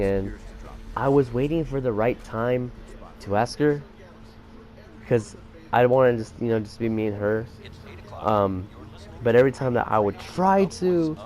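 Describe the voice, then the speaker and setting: A teenage boy vlogs a casual story about his school day, rambling along with many fillers and restarts. His voice is medium in pitch with a dark tone.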